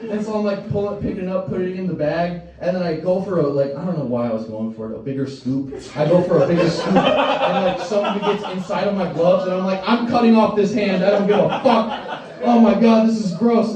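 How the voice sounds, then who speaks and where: A young male stand-up comedian with a slightly high, warm voice performs on a comedy stage before a live audience. He tells crude, profane stories and acts out the voices of the people in them. The sound is distant and roomy, typical of a live stage.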